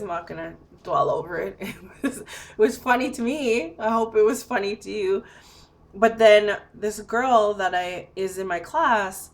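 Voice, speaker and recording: A young woman recounting a personal mishap in a casual, chatty way. She laughs often as she talks, and her sentences are strung together with plenty of fillers. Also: mid-range voice. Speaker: storyteller. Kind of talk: casual anecdote telling.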